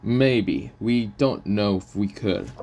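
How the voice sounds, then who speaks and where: A man's voice: fairly low pitch, expressive, takes it slowly, vocal fry, darkish tone, heavily acted. A man voicing a brash male demon lord with a casual, offhand way of talking, in a fan story reading.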